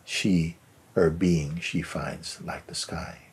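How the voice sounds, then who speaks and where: A man teaching in a spiritual talk, his voice low, breathy and heavily husky. He speaks slowly and softly, often sinking into a near whisper and gently repeating words. His tone stays unhurried throughout. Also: fairly even intonation. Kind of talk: spiritual talk answering a question.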